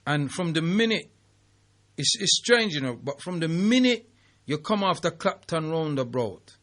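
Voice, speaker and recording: A man hosts a call-in radio show in an easy, conversational way, slipping into patois. His voice sits a little on the high side. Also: very animated, unhurried, fairly bright tone. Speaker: radio talk show host.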